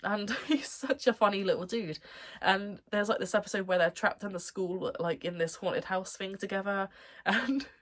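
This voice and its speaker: A young woman chatting through a casual anime review vlog at a middle pitch. She gushes and rambles, laughing through her sentences, with her throat sounding a little dry. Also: normal speed. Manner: gushing, rambling, laughs often.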